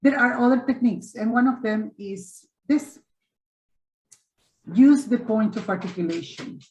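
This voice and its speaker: A woman's voice: fairly high pitch, darkish tone, roomy sound. Woman teaching English vowels. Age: 50s. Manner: patient, demonstrative, repeats and models vowel sounds slowly. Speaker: English teacher hosting a webinar. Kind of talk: online teaching webinar. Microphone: video call. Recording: lo-fi video call audio.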